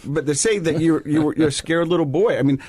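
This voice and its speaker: A man's voice: on the high side, brisk, a little mellow, dry recording. A man co-hosting a podcast, chiming in casually and jokingly. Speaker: podcast co-host. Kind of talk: interview conversation.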